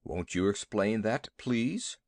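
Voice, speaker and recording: A man's voice: on the low side, expressive, takes it slowly, a little mellow, no echo. A man voicing a huge, timid, fussy male elephant that blusters and grumbles. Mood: stubborn.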